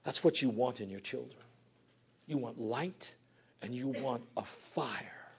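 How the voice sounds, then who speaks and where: A male pastor preaching a sermon earnestly, swinging from forceful emphasis down to hushed, near-whispered lines. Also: medium pitch, unhurried, gravelly.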